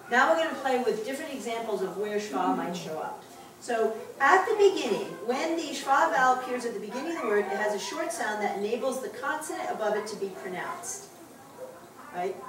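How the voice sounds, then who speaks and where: A female Hebrew teacher with a high voice is heard from a distance in an echoey synagogue classroom, chatty, laughing often, and encouraging. The recording has background noise and a distant mic.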